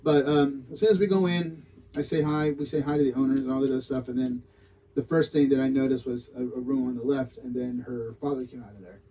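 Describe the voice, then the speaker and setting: A man paranormal investigator recounting a case in a casual interview, halting and repeating his words. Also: medium pitch, steady tone, warm tone, rough recording.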